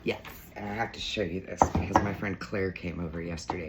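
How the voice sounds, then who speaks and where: A woman's voice: fairly even intonation, brisk, heavy background noise. Bubbly chatty woman vlogging at home. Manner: bubbly, gushing, baby-talks to her cat in a high voice. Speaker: lifestyle vlogger. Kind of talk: casual chatty vlog. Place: home kitchen and living room.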